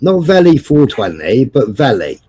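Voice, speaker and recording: Brief: husky-voiced host, swings his pitch a lot, profane repetitive ranting. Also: very animated, moderate pace, dark tone. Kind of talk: casual chat.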